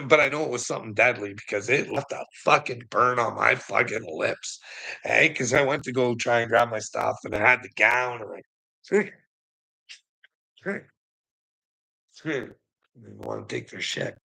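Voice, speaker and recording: A man tells a long, rambling personal story, laughing as he goes and swearing constantly. His voice is gravelly with plenty of fry. It also has a bright, forward edge to it. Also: medium pitch, a little slow, pauses often, rough recording. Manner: profane, rambling, laughs often. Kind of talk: casual storytelling monologue.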